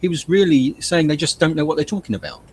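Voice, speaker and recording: A man joining a casual online hangout as a guest, speaking hesitantly with many pauses and restarts. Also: a little high, over a noisy crowd. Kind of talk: casual live hangout chat.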